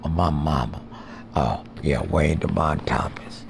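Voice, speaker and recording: A man rambling profanely through improvised skits and jokes, now and then jumping into squeaky put-on voices. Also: measured pace, gravelly, slight background noise. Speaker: amateur podcaster. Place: porch outdoors.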